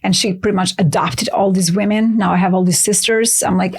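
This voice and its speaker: A woman guest telling her story in an interview, lively and chatty, acting out quoted voices with jumps in pitch. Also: slightly rough. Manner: says "LOL" aloud, quick and chatty. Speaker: guest author.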